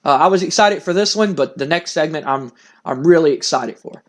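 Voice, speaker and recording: A man's voice: on the high side, fairly quick. A man hosting a let's play, giving casual, rambling commentary and thinking aloud.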